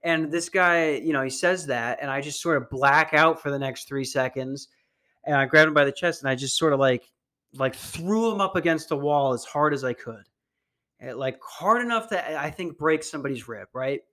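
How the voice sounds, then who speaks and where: A young man talks through his solo podcast in a loose, self-deprecating ramble, swearing freely and restarting sentences. His voice sits a bit high for a man. It sounds like a plain computer mic on a video call. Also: pushed and bright. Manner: profane, self-deprecating, halting with many restarts and fillers. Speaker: podcast host.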